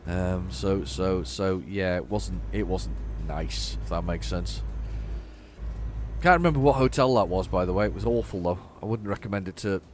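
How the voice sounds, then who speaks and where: Playing through a game, a low-pitched man keeps up casual, rambling commentary at a normal pace, chatty and self-deprecating. It's a let's play captured close on a desk microphone at home, with a bit of hiss or hum.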